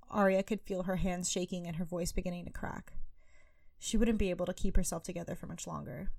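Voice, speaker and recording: A woman reading her own short story aloud with lively narration. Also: lowish voice, brisk, gravelly, no room sound.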